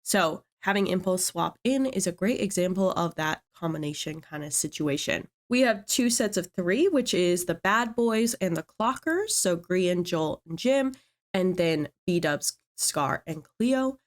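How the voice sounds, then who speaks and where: A woman's voice: lowish voice, animated, measured pace. A young woman talking casually as a video creator, chatting and thinking aloud to herself as she works through lists. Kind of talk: casual chat.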